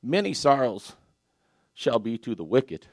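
An older man preaching a sermon, animated and exclaiming with laughter and praise. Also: medium pitch, a little slow, husky, no room sound.

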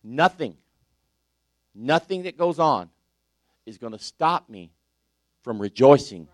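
An older man preaching a sermon, animated and exclaiming with laughter and praise. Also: medium pitch, takes it slowly, no room sound.

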